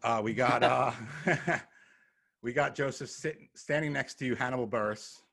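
A man hosting a relaxed chat in a husky, breathy voice. He mostly reacts with short remarks and laughter and prompts his guest along. His tone stays easygoing. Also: medium pitch, moderate pace. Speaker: podcast host. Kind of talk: casual interview chat.

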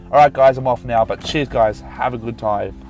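A man's voice: mid-range voice, normal speed, darkish tone, soft background music. A man who hosts a podcast and works in marketing, ranting without a script. He swears, gets heated, and apologizes for his anger. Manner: angry, passionate, swearing, apologetic. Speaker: podcast host and Facebook marketer. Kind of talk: unscripted podcast rant.

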